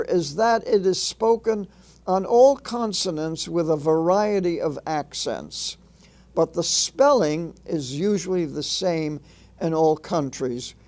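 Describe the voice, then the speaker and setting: A man narrating a phonics lesson in a measured instructional way, sounding out letters and sounds one by one. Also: fairly high pitch, a little mellow. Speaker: reading teacher.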